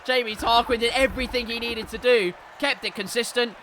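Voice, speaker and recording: A man commentating live on a sim racing league race, hoarse from shouting, excitable and yelling at the big moments. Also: very high voice, brisk, slight background noise.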